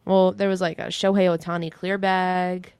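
A woman's voice: lowish voice, little pitch movement, moderate pace, a little mellow, clean tone, no room sound. Teasing woman co-host, dry studio sound. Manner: teasing, sarcastic, laughs often. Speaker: radio show co-host. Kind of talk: casual sports talk.

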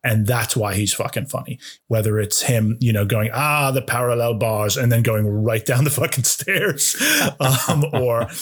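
Husky-voiced man gushing about comedy. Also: medium pitch, unhurried. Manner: enthusiastic, swears freely. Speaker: podcast co-host. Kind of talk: casual film chat.

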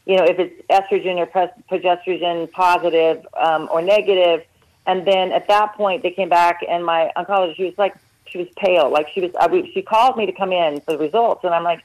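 Over a phone line, a woman calls into a radio show and earnestly recounts her own story, animatedly acting out the conversations she had with quoted dialogue. Her voice is lowish and a little fast.

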